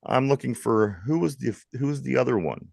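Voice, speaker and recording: A man with a Pittsburgh accent hosting a live sports talk show, lively and jokey, reading trivia questions to his co-hosts. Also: medium pitch, a little fast, vocal fry, no echo. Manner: lively, jokey, laughs often. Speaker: host.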